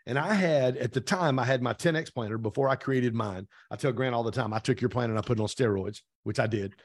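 A real estate team owner appears as a podcast guest, speaking fast in a husky, slightly rough, mid-pitched voice. He tells his story with lots of energy, slipping into the voices of the people he quotes in an animated conversational retelling.

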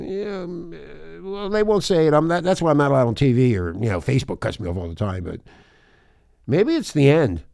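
A man with a gravelly, fry-edged voice rants as a shock radio host. He talks in a crude, rambling, mocking way, and the sound is dry and close, with no room around it. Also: mid-range voice, dark tone, dry recording.

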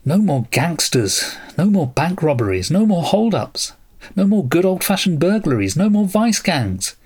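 A man voicing a frustrated male writer who laments loudly and sarcastically in a read-aloud story. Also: on the high side, expressive, a little slow, breathy edge, pitched above the performer's own voice. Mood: lamenting. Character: frustrated male writer, bitter and self-pitying.

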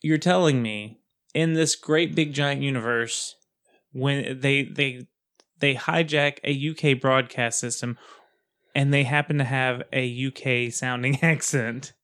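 A man's voice: mid-range voice, fairly even intonation, a little slow, a bit bright. Rambling, laughing male podcast host. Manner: rambling, laughs often, many fillers. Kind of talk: casual chat.

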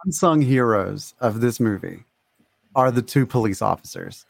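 A man co-hosting a podcast in relaxed, conversational casual chat. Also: mid-range voice, normal speed, creaky, no room sound, studio quality. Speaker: podcast co-host.

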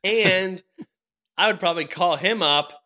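Young guy chatting on a podcast, loose and rambly, bright voice. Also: high-pitched, a little slow. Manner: rambling, laughing storyteller with lots of fillers and restarts. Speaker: podcast co-host telling a story. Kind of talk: casual chat.

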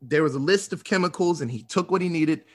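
A man with a fairly high voice recaps a film in a casual, rambling way. He swears freely and laughs often as he tells the story. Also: brisk. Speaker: podcast host.

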